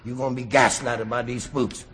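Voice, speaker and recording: A man voicing a stern male ghost who warns a miser in hipster slang, lower than his narration. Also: little pitch movement, moderate pace, fairly bright tone, slightly rough.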